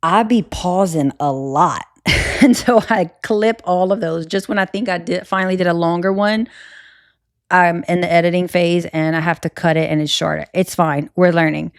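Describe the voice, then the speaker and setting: A woman's voice: lowish voice, fairly even intonation, moderate pace, no echo. Chatty young Cajun woman, dry close mic. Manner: candid and chatty, frequent fillers and restarts. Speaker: podcast host. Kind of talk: solo podcast chat.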